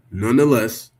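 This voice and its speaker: A man's voice: mid-range voice, breathy edge. Man firing off heated rhetorical questions. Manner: emphatic, profane, full of rhetorical questions. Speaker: religious commentator. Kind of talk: reacting to and rebutting a written text.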